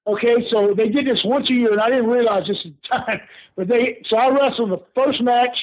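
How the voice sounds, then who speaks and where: Casting: older guy with a high voice, chatty storyteller, over a tinny phone line. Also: a little fast. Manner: lively yarn-spinner who laughs often and says "brother". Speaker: guest, retired pro wrestler. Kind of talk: animated storytelling in an interview. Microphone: phone call.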